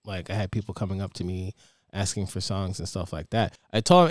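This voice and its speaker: A man's voice: low voice, expressive, a little fast, no echo, studio quality. A man, a DJ co-hosting a podcast, chatting casually, laughing easily and often restarting his sentences. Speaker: DJ and podcast co-host. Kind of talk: casual chat.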